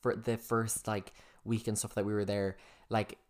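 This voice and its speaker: A man's voice: on the low side, level tone, normal speed. A young man co-hosting a podcast, teasing his friend with sassy slang in casual chat. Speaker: podcast co-host.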